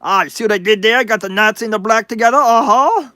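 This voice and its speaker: A man's voice: high-pitched, fast, bright, forceful tone, no room sound. A man hosting a livestream, reading chat aloud with crude sarcasm and frequent hesitations. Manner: sarcastic, profane, hesitant with many uhs.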